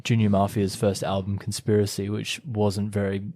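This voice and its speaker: A man co-hosting a music review podcast, talking casually, hedging often and filling pauses with "um" and "like". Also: fairly low pitch, completely flat delivery, dark tone, dry recording. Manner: hesitant, frequent "um" and "like", self-deprecating. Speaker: podcast co-host. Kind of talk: casual chat.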